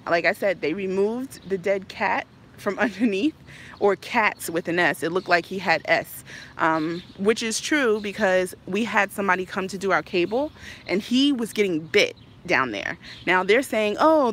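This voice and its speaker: Frustrated tenant woman, thirties, emphatic phone rant, bright voice. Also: medium pitch, a little hiss or hum. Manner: frustrated, emphatic, repeats herself. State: stressed. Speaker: tenant filming a complaint. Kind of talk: ranting to camera.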